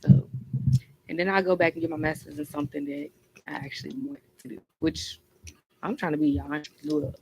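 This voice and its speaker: A woman's voice: low voice, fairly even intonation, a little fast, vocal fry, background noise. A woman chatting casually on a radio talk show, teasing and laughing a lot. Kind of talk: casual chat.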